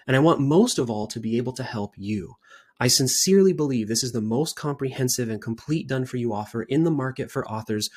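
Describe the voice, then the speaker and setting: A man giving an earnest, persuasive sales pitch to camera as the founder of a book-writing service, repeating his points for emphasis. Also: a little mellow.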